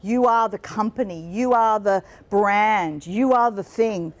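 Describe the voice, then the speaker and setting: A middle-aged woman giving a live business seminar to an audience with slides, lively and playful, slipping into mock voices for the people she describes. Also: medium pitch, a little slow. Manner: lively, playful, mimics people in quoted asides. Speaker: business coach and speaker. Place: conference room with an audience.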